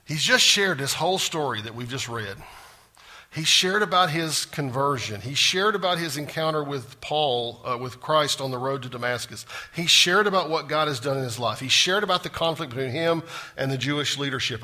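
A man preaching in a lively, swooping voice that keeps checking in with the congregation. His tone is bright and slightly husky. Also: a little high, moderate pace. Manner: animated, quizzes the congregation. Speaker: pastor. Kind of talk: sermon.

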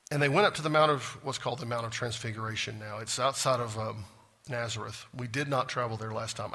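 Guy teaching bible study in a church room, kinda husky, bright forceful tone, keeps asking y'all with me. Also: mid-range voice. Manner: folksy, asks the class questions.

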